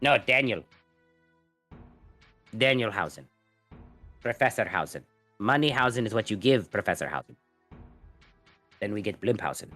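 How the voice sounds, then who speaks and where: A man's voice: on the low side, lively intonation, moderate pace, pauses often, sharp tone, faint music behind. A man narrating as game master and voicing characters in a casual tabletop game, rambling and playful. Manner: rambling, playful, slips into odd character speech.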